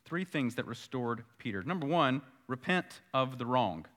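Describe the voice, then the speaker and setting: Bright-voiced preacher man. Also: medium pitch, lively intonation, normal speed. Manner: earnest preaching, repeating key phrases, swelling louder on points. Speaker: pastor. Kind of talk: sermon.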